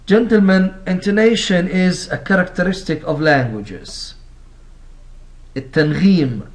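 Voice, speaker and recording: In a high voice, a male English teacher gives a recorded lesson. His explanations are slow, he restates ideas in new ways, and he puts rhetorical questions to his students.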